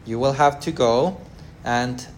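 A man teaching a church Bible class in a halting way, with many fillers, acting out everyday quotes and asking the class questions. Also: mid-range voice, a little hiss or hum.

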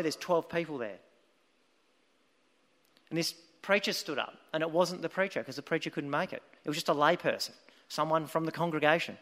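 A man preaches with earnest, emphatic storytelling. His voice sits high for a man, and a long reverb trails each phrase across the hall. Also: fairly bright tone. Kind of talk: sermon.

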